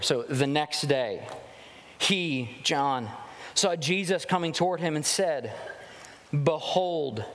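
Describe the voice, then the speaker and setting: A man preaching a sermon as pastor, animated and dramatic, acting out quotes as he teaches. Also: on the high side, big-room sound.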